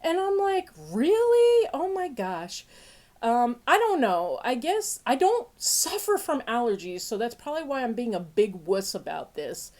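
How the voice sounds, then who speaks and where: Woman host, fairly high pitch, sniffly, chatty and playful, bursts of laughter. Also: normal speed, few pauses. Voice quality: sniffly nose. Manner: playful, laughs often, big pitch jumps when excited. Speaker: podcast host. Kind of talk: casual chat.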